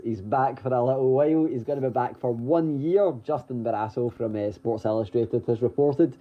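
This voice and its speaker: A man's voice: medium pitch, moderate pace, hardly any pauses. Chatty man with dull lo-fi audio. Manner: chatty with frequent ums and restarts, occasional chuckles. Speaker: podcast co-host reading wrestling news. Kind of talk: casual news rundown.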